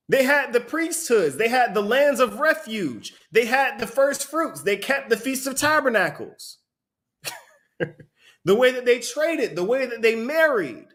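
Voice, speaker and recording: Animated high-voiced man teaching scripture. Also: slow, long pauses. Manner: animated, asks rhetorical questions, repeats "right?". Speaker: teacher leading a Bible study. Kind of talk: sermon-style teaching with a reader.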